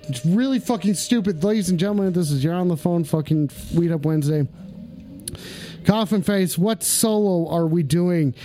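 A man hosting a comedic call-in stream, cursing constantly, excitable and bursting into shouts, slowing down for comic effect. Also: high-pitched, soft background music. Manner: deliberate slowdowns for comic effect. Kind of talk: profane comedic live stream.

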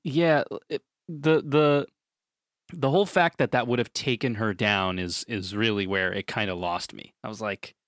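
A man's voice: fairly low pitch, moderate pace, a bit bright, dry recording, clean studio sound. A man co-hosting a casual movie review podcast, restarting sentences as he talks. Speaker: podcast co-host.

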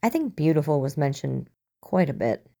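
A woman's voice: low voice, sing-song, moderate pace, vocal fry, dark tone, heavily acted. A woman voicing a prim, smug bearded man in a tie, speaking precisely, in a storybook reading.

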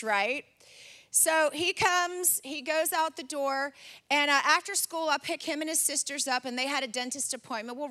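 A woman in her forties preaching a sermon, telling a family story in an animated way and acting out her son's lines. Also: sits high. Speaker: pastor.

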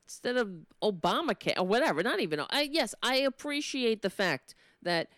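A woman's voice: fairly high pitch, sing-song, normal speed, fairly bright tone, no echo, studio quality. A woman hosting a political commentary show with a New York accent, talking in a sardonic monologue that builds into impassioned ranting.

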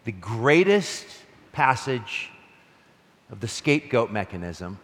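A male pastor preaching a conversational, animated sermon, reading scripture and laughing between points. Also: mid-range voice, unhurried, in a large hall.

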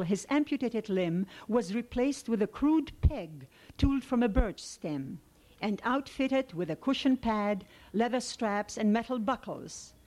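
A woman reading an excerpt of a translated novel aloud to listeners. Her delivery is measured and steady, in a voice of ordinary middle pitch. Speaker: reader.

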